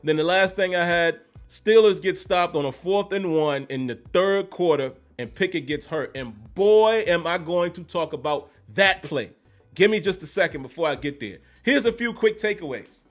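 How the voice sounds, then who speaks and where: A man hosting a live-streamed football recap, animated and emphatic, repeating phrases to drive his points home. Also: high-pitched, moderate pace. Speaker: sports commentary host.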